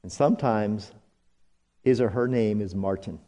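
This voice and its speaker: Slow and theatrical, this male pastor's sermon swings from high, forceful outbursts to whispered asides, drawing the congregation into call-and-response. It was recorded in a church sanctuary, with the lingering reverb of a church hall.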